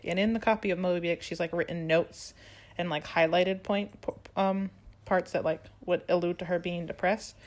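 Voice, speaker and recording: A young woman chatting casually on a podcast, retelling a musical's plot with lively quoted lines. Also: fairly low pitch, brisk. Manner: animated storytelling, acts out quoted lines. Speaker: podcast co-host. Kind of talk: casual chat recapping a musical.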